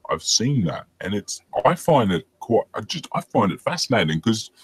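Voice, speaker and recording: A man's voice: fairly low pitch, very animated, normal speed, husky, no room sound. A man, chatting casually and crudely, joking and asking rambling questions. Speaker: podcast co-host. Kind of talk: casual chat.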